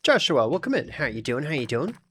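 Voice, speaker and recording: A man's voice: fairly high pitch, very animated, fairly quick, a bit bright, a little hiss or hum. A man with an Australian accent, chatting casually with his audience during a gaming livestream in a rambling, talkative way. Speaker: streamer.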